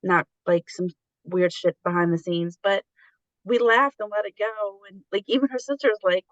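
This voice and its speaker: A woman's voice: medium pitch, moderate pace, fairly bright tone, no room sound, dull audio. A middle-aged woman telling stories candidly in a casual conversation, acting out the voices of the people she quotes. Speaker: guest.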